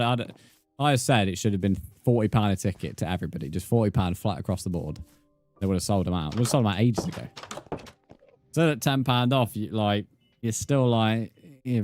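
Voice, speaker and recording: A young man with a lowish voice talks through a live game stream. He banters with viewers in a blunt, sweary way. Faint game music plays underneath. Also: darkish tone. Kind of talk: live stream chat while gaming.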